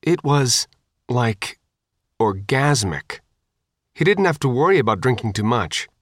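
A man narrating an audiobook in a casual, deadpan reading. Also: medium pitch, measured pace, dry recording, studio quality. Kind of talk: scripted narration.

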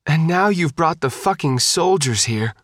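A man's voice: a little high, lively intonation, normal speed, dry recording, clean studio sound, voice pushed up. A man narrating an audiobook, voicing a naive, dreamy teenage girl in a raised voice. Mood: disgusted. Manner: wistful, pleading, then bitter.

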